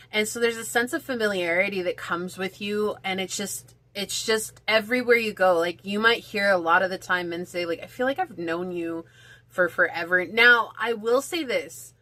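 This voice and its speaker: Bright, chatty woman reading tarot. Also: mid-range voice. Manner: chatty, rambling, heavy use of "like". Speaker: tarot reader. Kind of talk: casual pick-a-card tarot reading.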